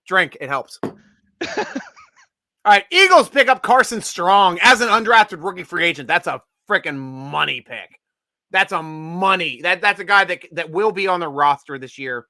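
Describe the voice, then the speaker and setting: A man hosting a casual live draft stream, joking and excitable, laughing often. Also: high voice, measured pace, no echo, studio quality.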